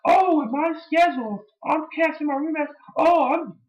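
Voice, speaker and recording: A man doing a mocking impression of a sarcastic, self-pitying male wrestler, in a high nasal whine. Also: moderate pace, dull audio. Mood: sneering.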